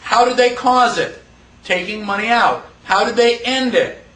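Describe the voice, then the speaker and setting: A man teaching a class in a lively lecture, quizzing the students and acting out quotes. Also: high voice, unhurried. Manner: animated, asks the class questions, acts out quotes. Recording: echoey room, voice from far off.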